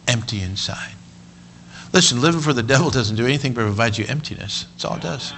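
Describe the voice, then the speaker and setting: Male preacher, bright, forceful delivery, soft asides break into shouts, repeats himself. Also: medium pitch, fast, vocal fry, a little hiss or hum, low-quality recording. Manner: swings from quiet talk to shouted emphasis; stumbles and repeats words. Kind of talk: sermon.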